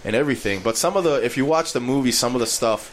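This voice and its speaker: Casual podcast co-host, male, mid pitch, rambly and excitable, light background hiss. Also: racing. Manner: animated, rambling, voice jumps high when indignant. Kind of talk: casual chat. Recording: faint background noise.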